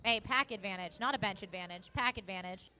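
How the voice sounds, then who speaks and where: A woman commentating live on a roller derby game, chatty and quick to correct herself. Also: medium pitch, bright, forceful tone, soft background music.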